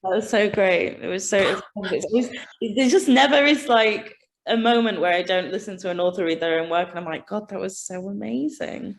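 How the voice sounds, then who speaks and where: A woman from Yorkshire hosting a casual author interview, chatty, enthusiastic and quick to laugh. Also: medium pitch, slight background noise. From Yorkshire, England. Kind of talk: casual chat.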